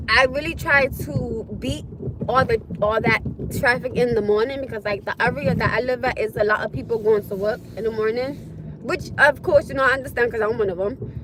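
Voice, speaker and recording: A young woman livestreams from her car, her voice on the high side and brisk against a noisy background. She chats casually and directly to her viewers, animated, swearing and shrieking in alarm at the road ahead.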